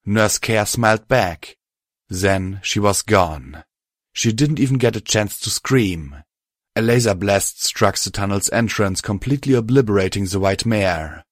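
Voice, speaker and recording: A man reading first-person fan fiction aloud in a steady, measured way. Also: on the low side, dry recording, clean studio sound. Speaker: narrator.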